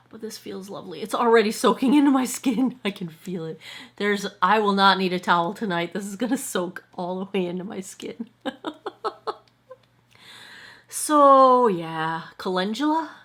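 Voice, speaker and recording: Speaking at a moderate pace in a mid-range voice, this forties-aged woman rambles through a chatty skincare review indoors at home, seated before a monitor. She's a vlogger and product maker who keeps correcting herself as she goes.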